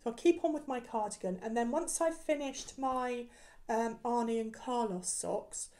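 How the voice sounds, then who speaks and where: A woman's voice: on the high side, normal speed, dark tone. A woman hosting a knitting podcast, chatting casually about her projects with many ums and restarts. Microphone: camera recording, showing work.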